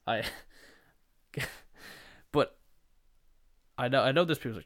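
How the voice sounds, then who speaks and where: A man's voice: medium pitch, slow, pauses often. A young man hosting a podcast, telling rambling, sweary comedic stories and slipping into put-on voices. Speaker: podcast host. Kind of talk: casual comedic storytelling.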